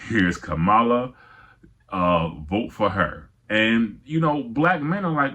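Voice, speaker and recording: A man's voice: medium pitch, slow, a bit bright. A middle-aged man, giving casual, emphatic political commentary with frequent restarts.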